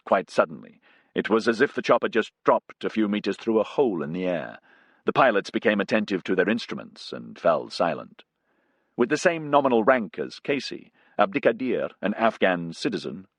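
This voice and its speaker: A man narrating a science fiction audiobook in an expressive reading style. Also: on the low side, vocal fry, no room sound.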